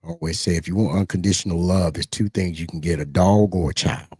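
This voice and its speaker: A man's voice: low-pitched, quick pace, a little mellow, breathy edge, no echo, studio quality. A middle-aged man rambling casually as a livestream host, often repeating himself.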